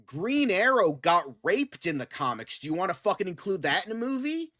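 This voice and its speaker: A man's voice: high voice, big pitch swings, normal speed, pushed and bright. A man co-hosting a fan talk show, ranting heatedly and swearing constantly. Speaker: co-host. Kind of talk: profane ranting chat.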